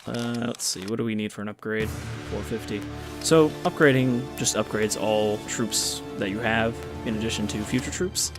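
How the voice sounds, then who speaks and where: Man, low voice, casual gameplay commentary, offhand and explanatory, game music behind. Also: moderate pace. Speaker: gaming video host. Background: game music and unit sounds.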